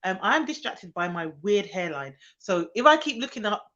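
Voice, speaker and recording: A woman hosts a casual live stream as a childcare expert. She chats and greets viewers by name, with plenty of ums along the way. Her voice sits at a middling pitch, and the stream audio is a little dull. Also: big pitch swings, normal speed, a bit bright. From Birmingham, England.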